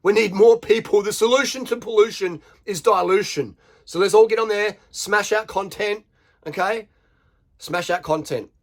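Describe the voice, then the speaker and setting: Blunt high-voiced Australian man ranting. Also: moderate pace. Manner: blunt, profane, hammering rhetorical questions. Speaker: vlogger. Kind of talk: unscripted rant to camera.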